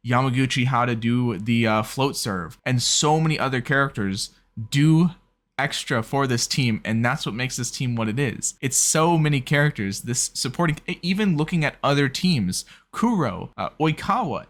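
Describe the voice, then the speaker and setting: A man's voice: medium pitch, moderate pace, fairly bright tone. A man hosting an anime reaction video, talking in earnest and gushing, with a habit of rambling on. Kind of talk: casual reaction commentary.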